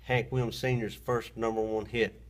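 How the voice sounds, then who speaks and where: A singer-songwriter speaking slowly and earnestly to the camera from an indoor recording studio. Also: male voice, lowish voice, level tone. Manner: slow, earnest, reverent talk. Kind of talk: casual spoken intro to camera. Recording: loud piano music in the studio.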